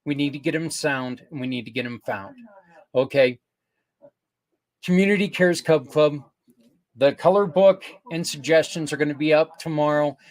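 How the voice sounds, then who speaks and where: Older male podcast host, higher-pitched, earnest and rambling, casual promotional delivery with self-corrections. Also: normal speed, a little mellow.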